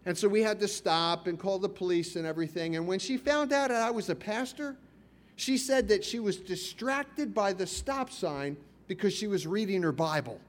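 Storytelling pastor, man, slightly high voice. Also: normal speed. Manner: storytelling, conversational, asks the congregation questions. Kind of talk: sermon.

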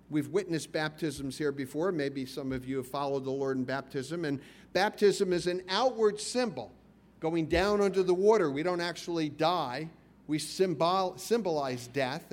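A middle-aged pastor with a high voice preaches a sermon, telling stories conversationally and asking the congregation questions.

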